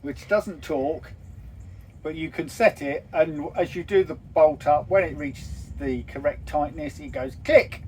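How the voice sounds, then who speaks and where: A man explaining boat engine parts in a matter-of-fact, practical way. His voice sits somewhat high for a man, and there is a faint hiss behind him. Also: a little slow, a little mellow, poor audio. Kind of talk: casual explanation. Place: aboard a narrowboat. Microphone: phone camera.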